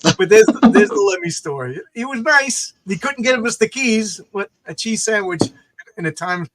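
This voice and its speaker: A man with a fairly high voice hosts a relaxed conversation. He spins stories in a lively way and puts on quick voices for the people in them. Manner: animated, acts out voices in anecdotes. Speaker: host. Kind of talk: casual storytelling chat.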